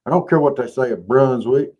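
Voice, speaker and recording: A man's voice: mid-range voice, a little fast, dull audio. A man, co-hosting a casual chat show and telling laid-back, joking stories. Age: 50s. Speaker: show co-host.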